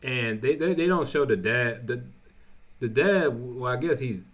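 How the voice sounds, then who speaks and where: A man casually recapping episodes of a show, rambling and halting, with frequent restarts. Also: mid-range voice, animated. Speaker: TV show reviewer.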